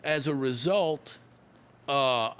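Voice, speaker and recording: A man's voice: medium pitch, slow, fairly bright tone, smooth. A man, telling stories as a guest in a casual interview, often repeating and restarting words. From Louisiana. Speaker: guest musician.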